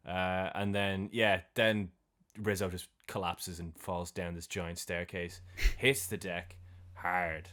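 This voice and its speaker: A man's voice: low voice, flat delivery, a little slow, a bit bright. A man co-hosting a film podcast, casually recapping scenes and acting out the characters' lines.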